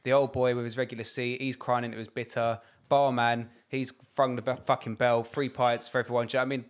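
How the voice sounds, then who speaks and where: A young man co-hosting a casual podcast. He talks in a jokey, sweary way and readily breaks into loud singing. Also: mid-range voice, little pitch movement, fast talker. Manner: jokey, sings loudly, swears freely. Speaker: podcast co-host. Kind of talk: casual chat.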